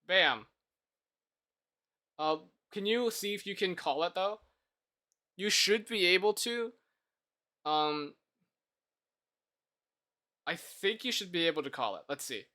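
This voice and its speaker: A live streamer greeting viewers and thanking them, humming and mumbling quietly between remarks while coding at a desk mic. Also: medium pitch, lively intonation, slow pace, pauses often. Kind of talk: casual chat while coding.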